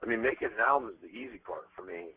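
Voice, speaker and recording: A man in his thirties being interviewed, telling stories bluntly with plenty of profanity and animated energy. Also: fairly low pitch, racing, slightly rough, poor audio. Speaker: interviewed musician. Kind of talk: candid interview talk.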